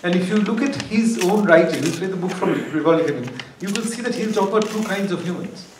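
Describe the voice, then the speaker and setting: A man's voice: sits high, fairly quick, background noise. A man giving an academic lecture, discursive and wry, often restarting his phrases. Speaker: guest lecturer. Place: lecture hall. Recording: echoey hall, far from mic, faint ambience.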